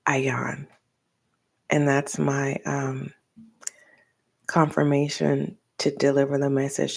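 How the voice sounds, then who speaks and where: An older woman, a tarot reader, chatting casually and rambling, with soft asides. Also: low voice, vocal fry. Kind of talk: casual tarot reading talk.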